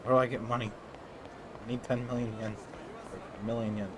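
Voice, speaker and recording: A man's voice: mid-range voice, steady tone, brisk, noisy background. A man giving casual, rambling let's-play commentary, joking and swearing as he plays. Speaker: gamer. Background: game music.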